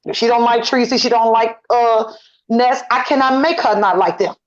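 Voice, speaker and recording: A middle-aged woman, guesting on a casual online commentary chat, vents indignantly, talking emphatically and repeating her points. Her voice is a little high at a normal speed, and the lo-fi audio sounds dull.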